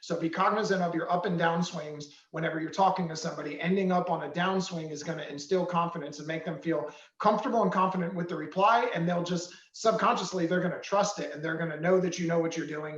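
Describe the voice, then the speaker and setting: Brief animated male trainer, higher voice, roomy echo, dull audio. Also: fast, hardly any pauses. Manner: animated, acts out examples. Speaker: real estate trainer. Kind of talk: coaching talk with examples.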